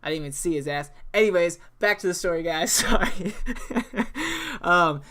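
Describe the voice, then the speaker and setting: A young man with a smooth, clean voice tells a story in a loose, easygoing way while he plays a game. He swears freely, laughs often and backtracks over his words as he goes. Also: fairly high pitch, normal speed, sharp tone. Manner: rambling with frequent restarts. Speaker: gaming channel host. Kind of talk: casual storytelling over gameplay.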